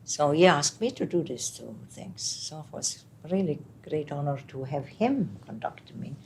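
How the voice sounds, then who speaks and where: Older Italian woman with halting English. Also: low-pitched, slight background noise. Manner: animated, halting English, many restarts. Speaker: interviewee, retired opera singer. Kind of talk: casual conversational interview. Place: home apartment.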